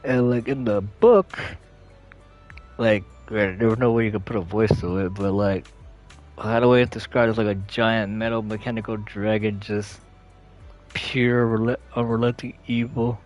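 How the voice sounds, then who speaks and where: A man's voice: on the low side, fairly even intonation, a little slow, darkish tone, soft background music. A young man chatting casually as a channel host, rambling with lots of fillers and self-corrections. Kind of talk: casual chat.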